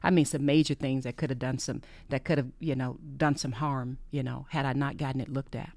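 A podcast host giving an earnest faith-based monologue, repeating phrases for emphasis and often sinking into a breathy whisper. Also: medium pitch, fairly even intonation, brisk, a little mellow, no echo.

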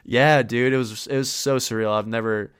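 A young man co-hosting a podcast, telling a rambling, profane story in casual chat and getting animated as he retells it. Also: mid-range voice, normal speed, a crowd in the background. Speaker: podcast co-host.

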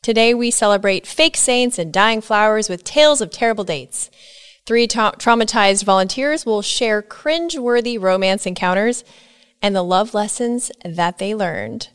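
Give me a woman podcast host reading her intro in a wry, measured tone, recorded dry and close. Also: medium pitch, fairly bright tone, clear, resonant tone, no room sound.

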